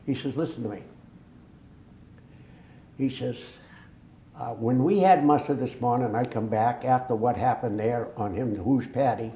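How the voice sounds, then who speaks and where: Speaking a little slowly and pausing often, an older Massachusetts man with a medium-pitched voice tells war stories as a veteran interviewee. He's still a lively storyteller, acting out the quoted dialogue, though the room echoes.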